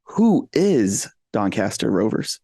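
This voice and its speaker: A man's voice: lowish voice, very animated, slow pace, gravelly, mellow, breathy edge. A man hosting a podcast over a remote call, joking and teasing his guest. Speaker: podcast host. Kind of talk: casual chat.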